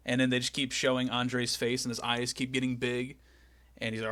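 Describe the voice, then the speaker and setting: A man hosting a podcast, excitedly recapping and telling the story in casual chat. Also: medium pitch, moderate pace, dry recording. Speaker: podcast host.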